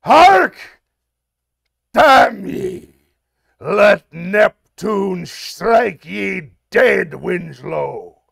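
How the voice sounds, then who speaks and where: A man performing a raging old sea captain who bellows curses in a booming, theatrical pirate brogue. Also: creaky, a bit bright, dry recording, clean studio sound, exaggerated voice. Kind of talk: dramatic monologue performance.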